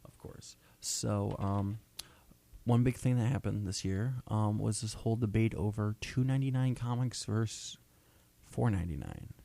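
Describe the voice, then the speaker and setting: A young man co-hosting a casual, rambling talk show, playful and quick to laugh. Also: lowish voice, vocal fry, dark tone. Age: young adult. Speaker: co-host. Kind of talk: casual chat.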